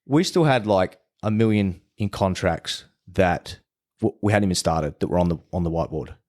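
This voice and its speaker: A man's voice: sits low, normal speed, a little mellow. A man who is a podcast guest tells his story in casual chat. He swears freely and often restarts his sentences.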